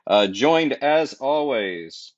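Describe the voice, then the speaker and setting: A man's voice: mid-range voice, sing-song, extremely slow, highs cut off. A man co-hosting a podcast, chatting casually with jokes, rambling asides and a lot of self-interruptions. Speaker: podcast co-host.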